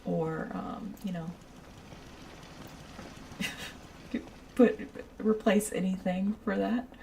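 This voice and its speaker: Slow, mellow-voiced woman streamer. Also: mid-range voice, fairly even intonation, vocal fry, far from the mic, a little hiss or hum. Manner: rambling, giggly, chats with viewers. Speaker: game streamer. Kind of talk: casual chat while playing a building game.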